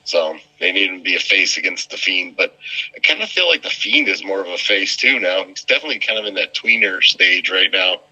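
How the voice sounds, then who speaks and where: A man's voice: deep voice, animated, fairly quick, bright, forceful tone. A man co-hosting a podcast, chatting easygoingly about wrestling, laughing and agreeing a lot. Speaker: podcast co-host. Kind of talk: casual wrestling chat. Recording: muffled lo-fi sound.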